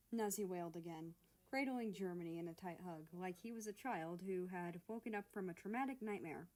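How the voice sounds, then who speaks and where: A woman narrating a fan fiction story in a steady storytelling manner. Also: mid-range voice, moderate pace.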